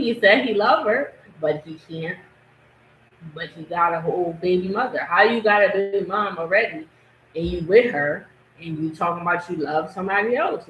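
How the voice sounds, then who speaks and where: Woman podcast host, casual reaction talk, mid pitch, roomy echoey sound, faint background noise. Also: normal speed. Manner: animated, laughing, acting out quotes. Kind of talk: casual commentary chat. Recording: echoey room.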